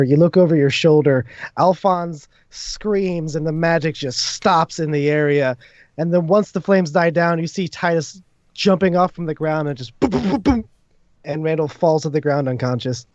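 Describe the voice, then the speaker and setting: A man's voice: fairly high pitch, darkish tone, dry recording, dull audio. A man acting as game master who narrates the combat of a tabletop game in vivid, gory detail.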